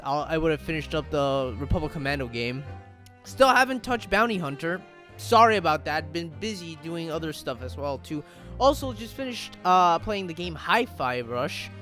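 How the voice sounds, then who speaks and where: A man's voice: high-pitched, pushed and bright. Rambling, joking male game commentator. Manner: rambling, joking, sweary asides. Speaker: let's-play host. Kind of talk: casual gameplay commentary.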